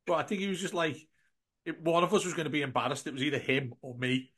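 A man co-hosting a football podcast, telling animated anecdotes, acting out the dialogue and calling everyone mate. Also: a little high, fairly quick, slightly rough. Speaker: podcast co-host. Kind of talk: casual storytelling.

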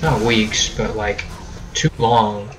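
A man's voice: on the low side, slow pace, low-quality recording. Joking young American man narrating gameplay. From United States. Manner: joking, rambling, mock-British catchphrases. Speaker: gameplay video host. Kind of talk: casual let's-play commentary.

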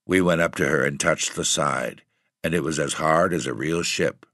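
A man reading a ghost story aloud in a steady, measured way. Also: a bass voice, gravelly, no room sound, clean studio sound. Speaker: audiobook reader.

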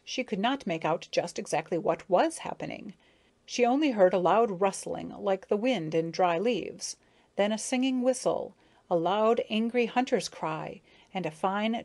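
Woman, audiobook narrator, steady clear storytelling, mid pitch.

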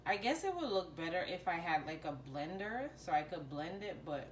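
A woman's voice: lowish voice, sing-song, moderate pace, echoey room, recorded from a distance, a little hiss or hum. A young woman vlogging in a casual, chatty and dramatic way, talking straight to her viewers. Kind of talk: casual vlog chat.

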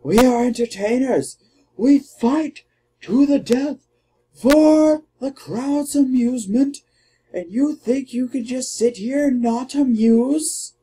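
A man's voice: very high voice, slow, warm tone, breathy edge, voice pushed up, heavily acted, rough recording. A man voicing a pompous male gladiator who lectures his rival in formal, theatrical words. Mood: indignant.

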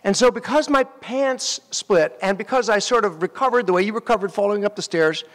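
A man, an actor, giving a graduation speech and telling animated stories straight to the graduates at the ceremony. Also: high voice, brisk. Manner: animated storytelling, addressing graduates directly. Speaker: commencement speaker. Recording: long hall reverb.

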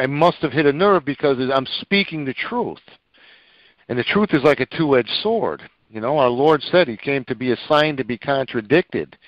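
A man co-hosting a religious talk show, preaching with emotion, pausing on many fillers. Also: a little high, no echo. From Italian heritage. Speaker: co-host. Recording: dull lo-fi dry sound.

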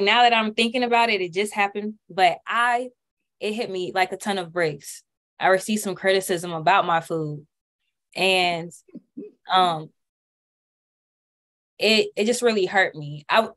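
A woman's voice: medium pitch, a bit bright. Young woman caterer sharing her story at a workshop, earnest and open, keeps restarting sentences. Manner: earnest, candid, with halting restarts. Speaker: caterer and business owner. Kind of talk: panel discussion storytelling. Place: community workshop room.

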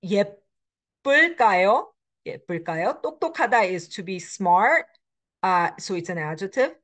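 A woman's voice: lowish voice, very animated, very fast. Woman teaching grammar with frequent fillers. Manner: explanatory, with frequent fillers and self-corrections; switches between English and Korean examples. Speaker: Korean language instructor. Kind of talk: recorded lecture.

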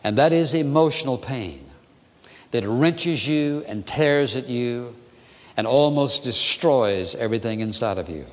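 With lively intonation and a middle pitch, a pastor from the United States preaches in an earnest, measured manner, echoing his own phrases and softening key words into a low hush. A long reverb makes it sound as if he fills a big sanctuary.

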